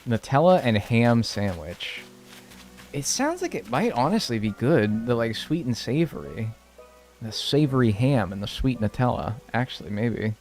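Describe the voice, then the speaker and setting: A young man streams and chats in a loose, joking way while reacting to his viewers. His pitch swings widely as he talks. Faint music plays quietly underneath. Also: very animated, moderate pace. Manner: laid-back, joking, reacting to chat. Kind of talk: casual live-stream chat.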